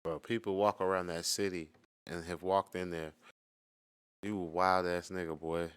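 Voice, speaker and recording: Deep-voiced man, blunt reaction host. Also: flat delivery, normal speed, very noisy. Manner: blunt, teasing slang. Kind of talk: casual reaction commentary.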